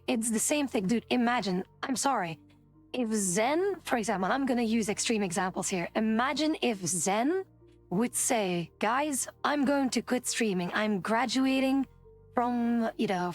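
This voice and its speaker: A woman's voice: a little high, dry recording. Swearing woman streamer on a rant. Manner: indignant, swears a lot, rambling rant. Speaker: VTuber streamer. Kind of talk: casual stream chat.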